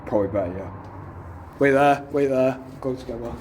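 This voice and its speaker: Young man, relaxed warm voice, speaks matter-of-factly among friends. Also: mid-range voice, brisk, slight background noise. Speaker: exploring companion. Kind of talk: casual chat.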